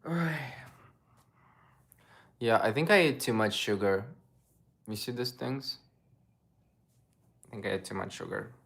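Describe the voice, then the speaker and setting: A man's voice: lowish voice, animated, measured pace, creaky, pauses often, fairly bright tone. A young man casually chatting on a livestream, rambling and stopping to search for English words. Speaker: streamer.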